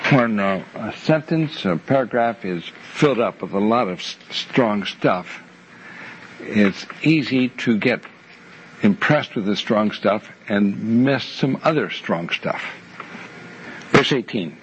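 An older man teaching a Bible class in a measured way, repeating key phrases for emphasis. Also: fairly low pitch. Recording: muffled lo-fi recording with faint hiss.

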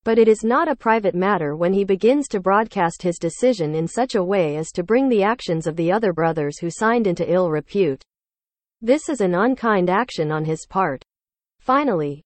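A woman's voice: medium pitch, dry recording. Woman reading a formal rebuttal aloud. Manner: measured, formal, even delivery. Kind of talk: scripted reading of a written rebuttal.

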